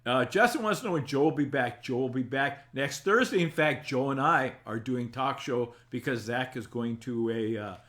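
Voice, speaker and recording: A man's voice: mid-range voice, moderate pace, few pauses, a bit bright. An older man in the middle of his voice range chats casually on a live stream. He reads viewer comments aloud and answers them in a folksy, rambling way, with small chuckles along the way. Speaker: talk show host reading live chat.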